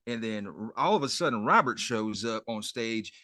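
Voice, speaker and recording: A man co-hosting a podcast, retelling a TV episode's plot beat by beat in an animated way. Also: fairly low pitch, moderate pace, no echo. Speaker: co-host. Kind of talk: casual podcast chat recapping a TV episode.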